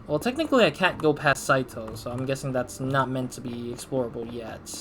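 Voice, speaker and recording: A man's voice: mid-range voice, animated, brisk, noisy background. Rambling male gamer thinking aloud. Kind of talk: let's play commentary.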